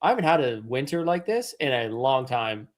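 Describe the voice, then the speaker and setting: A man's voice: medium pitch, sing-song, moderate pace. Rambling man thinking aloud. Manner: rambling, thinks out loud with many "like"s and restarts. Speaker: author guest. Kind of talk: casual chat.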